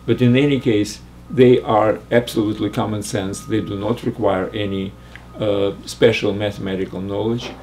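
An older man teaching math, working slowly through a logic puzzle aloud with frequent restarts. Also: fairly low pitch, vocal fry, dark tone, a little hiss or hum. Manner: halting, restarts and fillers while reasoning aloud. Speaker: math lecturer.

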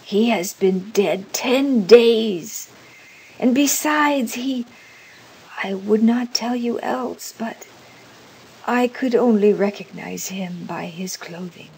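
A woman voicing a frightened old man who speaks in a shaky, faltering, hushed way. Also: fairly low pitch, a little slow, hardly any pauses, slight background noise, lightly acted, low-quality recording. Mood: fearful. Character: frightened trembling old man, timid husband.

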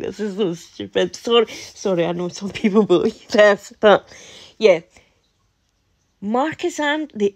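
Chatty Scottish woman vlogger, unhurried. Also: mid-range voice. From Scotland. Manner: chatty, laughs often, incredulous asides. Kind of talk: casual chat to camera.

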